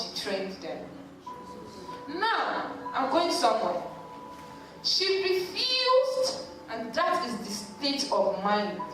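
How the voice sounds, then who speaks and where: A woman, a psychologist telling a story to a church congregation in an animated way. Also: high voice, slight background noise. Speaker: psychologist speaking at a church service. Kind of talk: lively talk at a church service. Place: large church hall. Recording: echoey church hall, mic at a distance.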